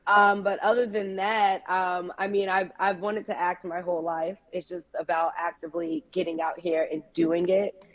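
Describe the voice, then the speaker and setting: A woman's voice: fairly low pitch, little pitch movement, normal speed. A young woman from New York, a podcast co-host, talking easily as a guest on a remote call interview. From New York, USA. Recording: dull lo-fi call audio.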